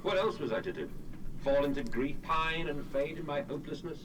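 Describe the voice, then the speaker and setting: A man's voice: a little high, animated, a little fast, lightly acted. Man doing a bitter grieving victorian industrialist from a horror game, far off, swooping tone. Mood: brooding bitter. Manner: brooding, bitter. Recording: distant game audio with clear noise.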